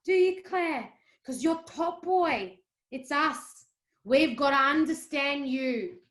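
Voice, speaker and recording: A bitter, pregnant young wife, read by a woman lashes out, sarcastic and heated. The voice is high, and the room adds a noticeable echo. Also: expressive, slow pace, a bit bright, full character voice. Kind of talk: cold-read play reading. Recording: roomy echo.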